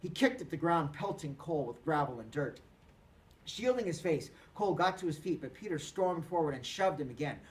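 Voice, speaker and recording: Male teacher, dramatic storybook narration, fairly high, lively voice. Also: brisk, distant mic. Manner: expressive, dramatic. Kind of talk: read-aloud of a novel.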